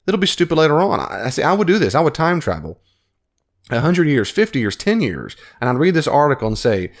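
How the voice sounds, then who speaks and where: A man hosting his own podcast, giving an animated, argumentative commentary and often correcting himself mid-sentence. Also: fairly high pitch, fairly quick. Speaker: podcast host. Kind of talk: casual commentary.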